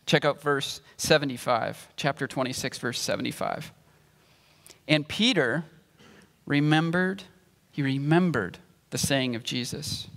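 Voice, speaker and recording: A pastor preaching a sermon, explaining scripture and reading verses aloud in a measured way. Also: male voice, fairly high pitch, fairly bright tone, big-room sound. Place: church sanctuary.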